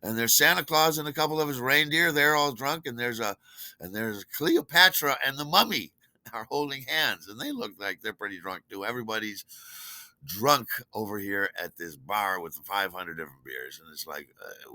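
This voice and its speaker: Clearly pleased with his own story, a man tells it casually and with animation, performing the quoted lines with big leaps in his voice. He speaks at medium pitch and a moderate pace, with no echo.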